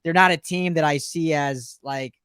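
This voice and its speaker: A male podcast co-host with a slightly raised pitch, recorded close and dry. He talks football in a loose, joking, rambling way. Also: moderate pace, a bit bright, smooth, no echo. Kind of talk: casual sports talk.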